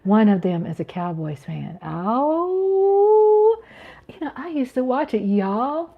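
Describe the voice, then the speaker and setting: A middle-aged woman hosts a relaxed livestream from her home, chatting with viewers and reading their messages out loud. Her voice sits a little high, and she speaks slowly and unhurriedly. She laughs easily and now and then drops into a hushed whisper. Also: creaky, narrow, tinny audio. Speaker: livestream host. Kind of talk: casual livestream chat with viewers. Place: home, at night.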